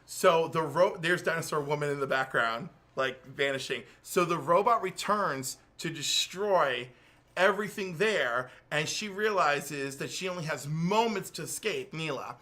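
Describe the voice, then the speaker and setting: A man co-hosting a casual podcast, recapping a comic book and acting out the characters' lines in quick voices. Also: on the high side, pushed and bright. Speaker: podcast co-host.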